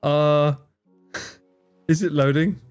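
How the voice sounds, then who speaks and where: A man's voice: fairly high pitch, steady tone, slow, a little mellow, smooth, faint music behind. A man hosting a live stream in casual chat, reading chat, laughing often and swearing freely. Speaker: livestream host.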